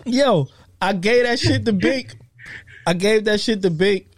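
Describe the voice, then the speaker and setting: A man's voice: high voice, dry recording. A man, co-hosting a podcast and telling a story in casual, slangy chat. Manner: laid-back, profane street slang, drawn-out telling. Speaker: podcast co-host.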